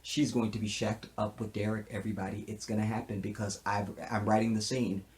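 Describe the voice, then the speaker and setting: A man giving a casual, joking recap of a TV episode. He is animated and keeps asking "see what I'm saying". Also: fairly low pitch, brisk. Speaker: TV show reviewer.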